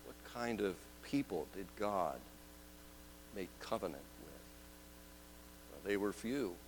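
A man preaching a sermon, moving between loud proclaiming and hushed, drawn-out questions. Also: on the low side, expressive, slight background noise, low-quality recording.

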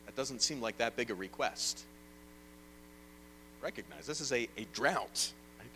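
A man preaching an evening sermon and reading scripture aloud, earnest, rising loud and then dropping soft. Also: medium pitch, animated, measured pace, a little hiss or hum, rough recording.

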